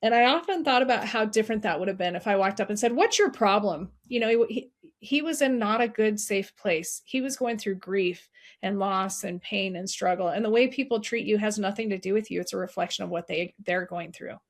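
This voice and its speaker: This middle-aged woman talks a little fast at a medium pitch. As a guest advocating for suicide prevention, she relates her own stories earnestly and repeats supportive advice in a heartfelt, conversational manner.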